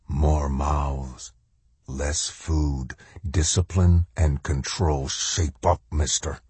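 A man's voice: a bass voice, little pitch movement, very slow, darkish tone, breathy edge, no room sound, pitched below the performer's own voice, heavily acted. A man voicing a menacing phantom soldier who speaks in a hissing, commanding whisper.

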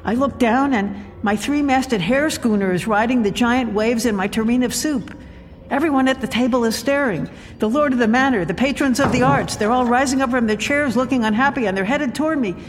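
A woman voicing a panicked noblewoman at a fancy dinner, with frantic, high-pitched pleading. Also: fairly quick, big-room sound, slight background noise, close to an everyday voice.

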